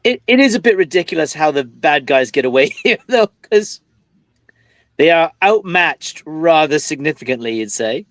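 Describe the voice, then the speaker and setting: A man chats about comics, quick and opinionated. His voice runs a bit high and swings widely in pitch. The sound is dry and close, with no room around it. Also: lively intonation, a bit bright, no echo. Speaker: podcast co-host. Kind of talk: casual chat.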